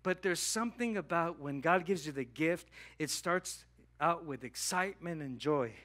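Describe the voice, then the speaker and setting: A man pastor delivering a sermon in a church, telling a personal story and acting out conversations with God in an animated way. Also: fairly high pitch, normal speed. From Southern California. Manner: animated, acts out dialogue with God. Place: church hall.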